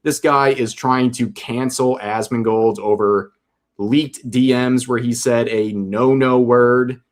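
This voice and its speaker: A man's voice: mid-range voice, steady tone, takes it slowly. Man with a dry, sarcastic delivery. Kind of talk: casual commentary.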